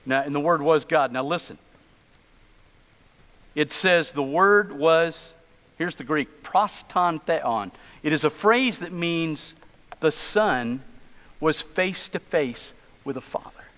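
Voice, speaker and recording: A man's voice: on the high side, expressive, slow, long pauses, fairly bright tone. A middle-aged male pastor preaching a sermon in a church, telling stories with humorous asides. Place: church sanctuary. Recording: long church reverb.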